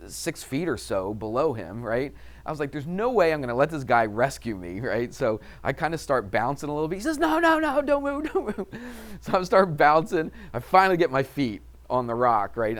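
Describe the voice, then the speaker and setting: Male math teacher, mid pitch, chatty lecturing style, quizzes the class, drifts into a story.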